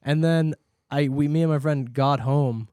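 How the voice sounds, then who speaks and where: A man's voice: a little high, unhurried, clean tone, no echo, clean studio sound. A man co-hosting a podcast in casual chat, telling stories with lots of laughter. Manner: laughing storyteller, animated when telling stories. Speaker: podcast co-host.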